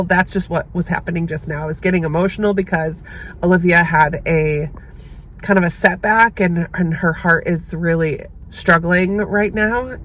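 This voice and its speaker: A woman's voice: on the low side, a bit bright, slight background noise, rough recording. A young adult woman chatting casually as a book vlogger, gushing and often correcting herself mid-sentence. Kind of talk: casual book review chat. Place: parked car at a rest stop.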